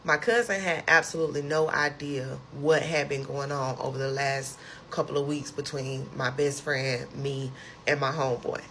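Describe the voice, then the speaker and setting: A woman telling a personal story in a casual, animated storytime style, acting out her own outbursts. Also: low voice, slight background noise. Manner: animated, emotional retelling with lively quoted outbursts.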